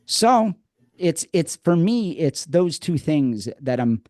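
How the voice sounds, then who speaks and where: A man speaking as a podcast guest, with a darker, mellow voice in a dry, close room. He tells stories in a lively, animated way, acts out old conversations, and often repeats words as he restarts. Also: a little high, slow, no room sound. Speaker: podcast guest, addiction program co-creator. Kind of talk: conversational storytelling.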